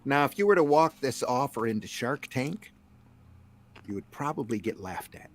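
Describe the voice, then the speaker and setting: A man's voice: mid-range voice, lively intonation, normal speed. A man co-hosting a casual podcast who keeps cutting in with playful jokes. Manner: joking, playful interjections. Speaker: podcast co-host. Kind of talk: casual chat.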